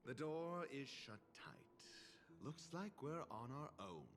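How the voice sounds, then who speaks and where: A man's voice: medium pitch, animated, slow pace. An actor playing a haughty, scornful male scholar doctor in a video game, speaking in a cold, lecturing, condescending way. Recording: game audio with background music.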